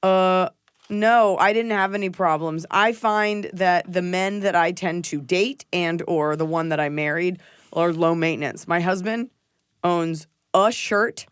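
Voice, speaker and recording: A woman hosting a podcast, chatting casually and joking in an animated, playful way. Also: on the low side, measured pace, clear, resonant tone, no room sound. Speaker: podcast host. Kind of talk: casual comedic chat.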